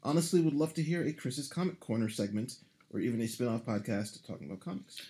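A man's voice: mid-range voice, fast, dark tone. A man co-hosting a casual podcast, reading a listener's email aloud in a dry, joking way. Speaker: podcast co-host.

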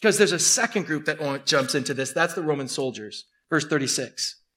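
Animated male pastor, high voice, vivid storytelling sermon. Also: a little fast. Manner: animated, acting out scenes.

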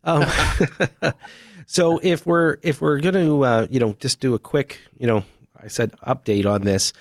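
A man's voice: mid-range voice, fairly even intonation, unhurried, no room sound, studio quality. A man hosting a radio talk show, chatty and joking with his guests.

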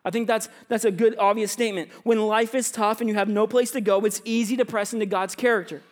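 A man's voice: high-pitched, steady tone, fast. A man in his thirties, a youth pastor preaching a sermon in a conversational, storytelling way. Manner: conversational, storytelling preacher who acts out little scenes; often drops to quiet, hushed tones in anecdotes. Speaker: pastor of students and young adults.

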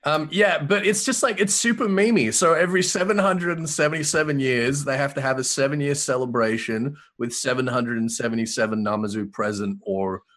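A man's voice: medium pitch, brisk, hardly any pauses, a bit bright. A man co-hosting a casual gaming chat, joking and trailing off as he repeats his words.

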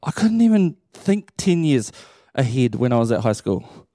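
Preacher in his thirties, warm mellow tone, humorous and lively sermon delivery. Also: medium pitch, moderate pace, no echo, studio quality. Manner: animated storytelling with playful humor. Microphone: handheld or stage microphone.

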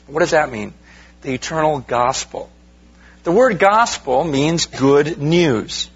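A man's voice: fairly high pitch, lively intonation, slow, breathy edge, highs cut off. A man, a pastor, preaching a sermon in a conversational way, asking rhetorical questions and talking straight to his congregation. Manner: addresses the congregation directly.

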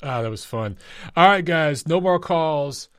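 A laid-back man hosts a call-in show, joking loosely with his callers and tossing in bro and man. His voice sits slightly high, with a faint hiss in the background. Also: lively intonation, measured pace. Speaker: talk show host. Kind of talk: casual call-in chat.

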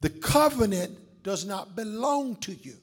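A man preaching a sermon as pastor, calling on the congregation to answer back and swinging between shouts and hushed asides. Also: sits high, lively intonation, a little slow. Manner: preaching with call-and-response to the congregation.

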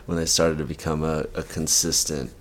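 A man answering as a guest in a casual interview about his yoga practice, relaxed and joking. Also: very deep voice, normal speed.

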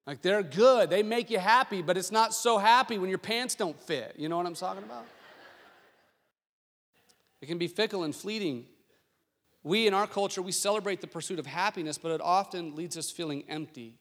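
A male pastor preaching a sermon, telling stories and asking the congregation questions with rising excitement. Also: high voice. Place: church sanctuary. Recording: long hall reverb.

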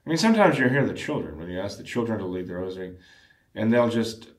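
Low-voiced guy talking earnest and measured, clears his throat a lot, echoey room. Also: very animated. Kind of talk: discussion on prayer.

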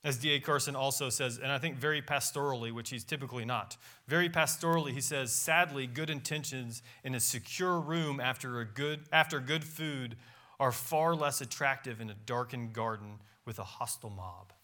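A man's voice: mid-range voice, normal speed, sharp tone. A pastor preaching a sermon in a church, reading scripture aloud with emphatic rises and drops in his voice. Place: church sanctuary.

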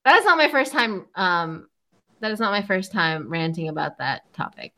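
A woman's voice: mid-range voice, expressive, moderate pace, pushed and bright. A woman co-hosting a casual podcast, rambling and giggling through a rant, with lots of "like" and the odd swear word. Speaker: podcast co-host.

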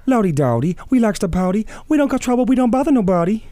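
A man's voice: medium pitch, animated, a little fast, mellow, voice pushed up, lightly acted. A man impersonating a laid-back male rapper with a slangy drawl.

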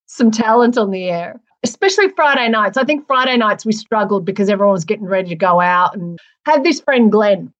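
An Australian woman, an author and former radio DJ, chatting in an interview and telling lively stories. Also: medium pitch, brisk, few pauses, muffled recording. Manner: lively storyteller, laughs through anecdotes. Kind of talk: casual interview chat.

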